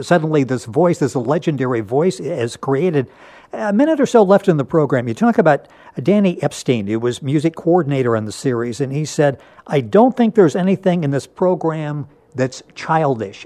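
A man hosting a radio interview show, leading the conversation with relaxed, friendly questions. His voice sits a little high for a man. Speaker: radio talk show host.

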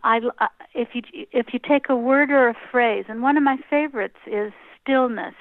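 A woman interviewed as a guest, gently and slowly talking a listener through a breathing meditation. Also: on the high side, no room sound. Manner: gentle, slow guidance with soft pauses. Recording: tinny phone-like line, dry.

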